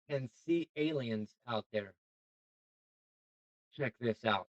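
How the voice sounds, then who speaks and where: A man hosting a reaction video, talking casually, getting excited and swearing as he thinks aloud. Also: medium pitch, takes it slowly, long pauses, dry recording, lo-fi sound.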